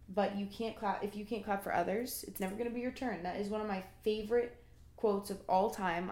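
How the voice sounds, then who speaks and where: A young woman hosting a casual solo podcast, talking in an earnest, motivational, chatty way with many fillers. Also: medium pitch. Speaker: podcast host. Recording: echoey room.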